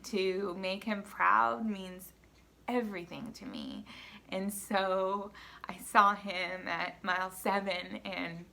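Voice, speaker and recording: In a casual personal vlog, a woman with a school-age daughter recaps a race, telling her story earnestly and emotionally with plenty of fillers. Her medium-pitched voice is bright and forceful.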